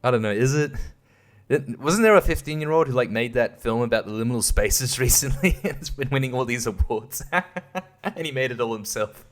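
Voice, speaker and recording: A young man talks through a loose, casual monologue as host, rambling from one thought to the next. He swears freely and keeps breaking into laughter at his own stories, in a voice of ordinary middle pitch. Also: brisk. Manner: rambling, profane, laughs often at himself.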